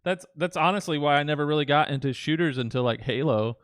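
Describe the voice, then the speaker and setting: A man co-hosting a casual podcast, joking and easygoing in quick banter. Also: fairly high pitch, fairly bright tone, no room sound, clean studio sound. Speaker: podcast co-host.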